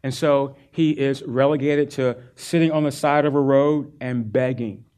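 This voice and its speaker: A male pastor preaching a sermon, earnest and animated as he retells a Bible story. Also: mid-range voice, normal speed, clear, resonant tone.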